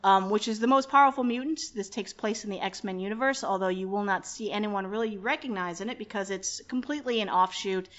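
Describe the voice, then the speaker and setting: A woman's voice: mid-range voice, brisk, hardly any pauses, fairly bright tone. A woman hosting a podcast, chatting casually in a brash, joking, profane way. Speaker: podcast host. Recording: dull lo-fi podcast audio.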